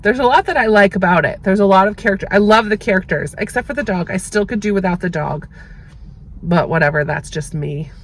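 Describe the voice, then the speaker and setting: A woman's voice: mid-range voice, lively intonation, brisk, slight background noise, poor audio. A young adult woman chatting casually as a book vlogger, gushing and often correcting herself mid-sentence. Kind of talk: casual book review chat. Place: parked car at a rest stop.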